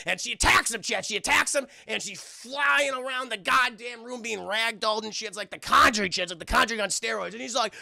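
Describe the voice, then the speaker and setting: A man's voice: sits high, fast, gravelly, hardly any pauses, bright, forceful tone, no room sound, studio quality. A man casually recapping a TV episode on a live stream, rambling and swearing while he keeps talking to his chat.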